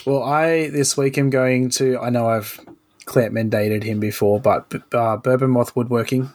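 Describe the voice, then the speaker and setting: A man's voice: mid-range voice, fairly even intonation, unhurried, a little mellow. Dry-witted podcast regular, a man. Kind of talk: casual chat.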